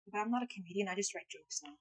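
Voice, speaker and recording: A woman's voice: mid-range voice, racing, poor audio. A woman live streaming in casual chat, playful and blunt, swearing freely, speaking English as a second language. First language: not English.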